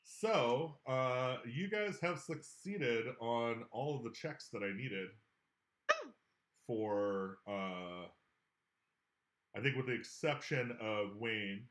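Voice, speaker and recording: A man running a tabletop game as game master, animated and swearing freely. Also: mid-range voice, echoey room. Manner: animated, swearing, quick to laugh.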